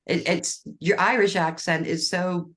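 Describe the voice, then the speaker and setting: Middle-aged woman, podcast host; low voice, enthusiastic, loose rambling chat. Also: fairly even intonation, measured pace. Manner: warmly enthusiastic, rambling, casual swearing.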